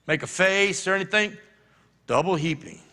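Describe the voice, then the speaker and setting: A middle-aged pastor preaches in a folksy, storytelling way, often laughing as he goes. His voice sits a bit high and sounds bright and forceful. Long reverb from the church hall trails every phrase. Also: normal speed, slight background noise. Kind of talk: sermon. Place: church sanctuary.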